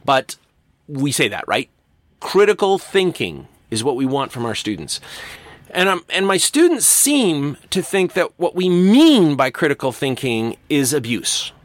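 Animated man giving a recorded lecture. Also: mid-range voice, no echo. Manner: animated, acts out quoted voices. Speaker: university English instructor.

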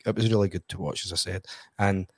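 A man's voice: sits low, steady tone, fast, gravelly, darkish tone, no room sound. A Scottish man giving blunt football opinions in casual podcast chat. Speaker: football pundit.

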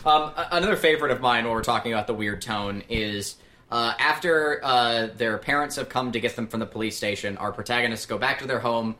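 A man's voice: medium pitch, brisk, pushed and bright. A man co-hosting a podcast, talking about a movie in a dry, sarcastic way with casual swearing. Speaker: podcast co-host.

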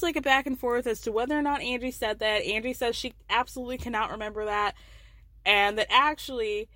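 A woman hosts a casual recap podcast, chatty and amused, peppering her story with "like." Her voice sits a bit high. The sound is close and dry. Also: fairly bright tone, no echo. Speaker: podcast host.

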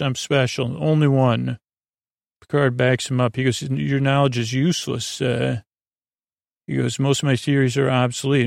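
Male host, gravelly, monotone, rambling sleepy recap, dry close mic. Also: mid-range voice, no echo. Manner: rambling, mumbled retelling with many fillers. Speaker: podcast host recapping an episode. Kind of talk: drowsy sleep-podcast recap.

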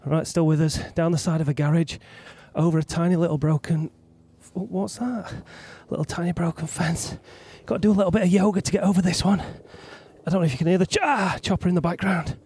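A man hosting a podcast, chatting casually and giving excited, breathless commentary while climbing through gardens outdoors. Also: sits high, a little fast, hardly any pauses, breathy edge. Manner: excitable, chatty, swears freely. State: out of breath at times. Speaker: podcast host. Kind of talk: casual chat and roving live commentary. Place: outdoors among gardens beside a road race.

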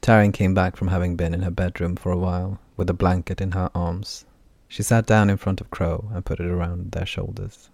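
A man narrates a fantasy audiobook with steady, even storytelling. His voice is deep. The recording is dry and close, with no room sound. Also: fairly quick, gravelly, dry recording.

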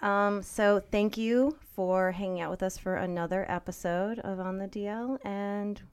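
A woman's voice: medium pitch, steady tone, a little slow, darkish tone, clean tone. A woman co-hosting a casual podcast chat, speaking earnestly and encouragingly, close to tears at times. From United States. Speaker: podcast co-host.

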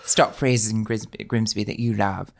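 A man's voice: on the low side, fairly even intonation, normal speed, vocal fry. A man hosting a podcast, prompting his guest with polished questions and eager interjections. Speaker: podcast host. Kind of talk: casual podcast chat.

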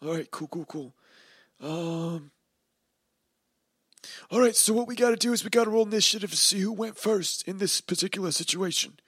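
High-voiced laid-back game master. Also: male voice, moderate pace, long pauses, fairly bright tone, husky, no echo, clean studio sound. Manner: laid-back, chatty, talks about the rules. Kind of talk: narrating a tabletop game in character.

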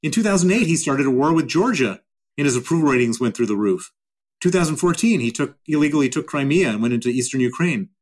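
A man's voice: medium pitch, lively intonation, quick pace, a little mellow. A man answering interview questions at length, emphatic and given to repeating his points. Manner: emphatic and repetitive. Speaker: interview guest.

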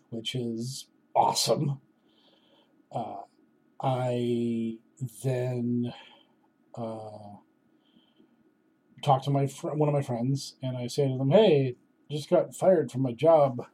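A man's voice: medium pitch, takes it slowly, pauses often, mellow, breathy edge. A man in his thirties telling a casual personal story in a wry, self-deprecating way.

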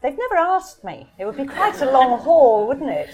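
A woman's voice: high voice, sing-song, moderate pace, darkish tone, highs cut off. A woman author speaking in a live question-and-answer session, thoughtful and hesitant, often restarting her sentences. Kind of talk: live Q&A conversation.

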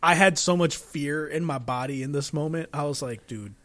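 A man co-hosting a podcast in casual chat, excitable, swearing often and laughing as he talks. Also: fairly high pitch, moderate pace. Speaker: podcast co-host.

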